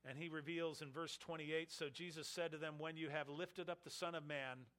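A male preacher delivering an expository sermon in a bright, forceful voice pitched a little high. He presses his points hard, rising loud and then falling away to near quiet. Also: fairly even intonation, moderate pace. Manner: emphatic, swelling and dropping in volume.

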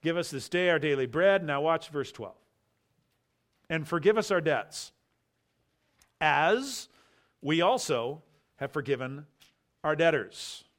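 A man preaching an expository sermon, emphatic, with rhetorical questions and quiet asides. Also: on the high side, expressive, takes it slowly, pauses often. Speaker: pastor.

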